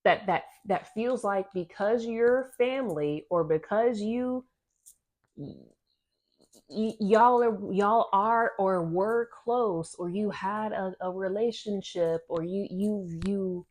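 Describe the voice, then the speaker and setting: A woman's voice: medium pitch, takes it slowly, a little mellow. A woman reading oracle cards for her viewers, rambling and repeating herself in casual, slangy talk. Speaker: oracle card reader. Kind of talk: casual channeled card reading.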